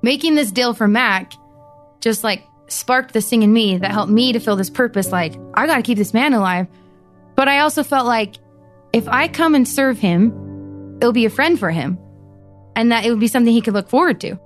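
A young woman tells her story with energy, her fairly high voice jumping up whenever she quotes someone else. She talks in a casual, chatty way, full of fillers. Soft music plays in the background. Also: normal speed. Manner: animated, acts out quotes. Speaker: pianist and volunteer. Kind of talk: storytelling interview.

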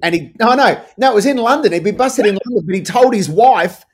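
A man with an Australian accent, a podcast co-host chatting casually and telling animated sports stories. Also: high-pitched, brisk, breathy edge. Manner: animated storyteller, sings chant snippets. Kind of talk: casual chat.

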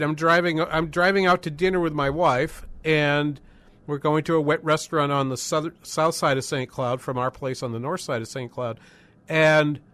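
A man's voice: fairly high pitch, a bit bright. A man in his sixties from northern New England, hosting a call-in radio talk show in a casual, rambling way with many fillers and restarts.

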